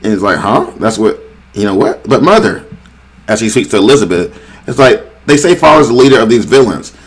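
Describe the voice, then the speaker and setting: A man's voice: on the low side, animated, brisk, breathy edge. Casual man rambling through a recap. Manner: rambling, reads character lines aloud with filler words. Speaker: manga reviewer.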